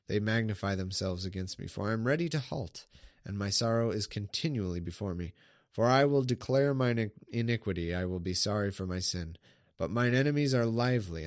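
Low-voiced man making sarcastic asides. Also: dry recording, studio quality. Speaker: Bible reader. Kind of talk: casual reading aloud with commentary.

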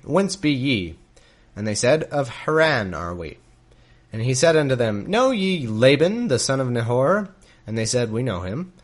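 A man reading scripture aloud and breaking off for wry, joking asides. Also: mid-range voice. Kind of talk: Bible reading with comedic commentary.

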